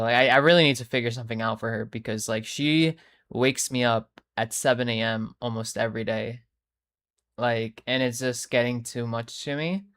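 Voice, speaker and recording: A young streamer, worn out and chatting casually to a live audience. The talk rambles, swears freely and keeps breaking off mid-sentence to start again, at a middling pitch. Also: fairly bright tone. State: tired. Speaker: live streamer reading chat.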